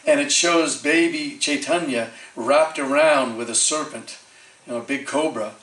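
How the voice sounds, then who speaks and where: A man tells devotional stories at a temple, animated and full of fillers as he slips into the voices of his characters. He sounds set back from the microphone, and his voice rings around a large, echoing hall. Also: mid-range voice, a little slow. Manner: animated storyteller acting out quoted voices, frequent fillers. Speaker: temple speaker. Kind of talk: storytelling sermon. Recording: echoey hall, distant mic.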